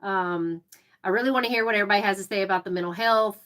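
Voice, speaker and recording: A chatty woman with a Southern Alabama drawl, talking off the cuff on a live stream. Her voice is bright and forward, at a middle pitch for a woman. She talks in an opinionated, easygoing way. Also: very fast. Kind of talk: casual live-stream chat.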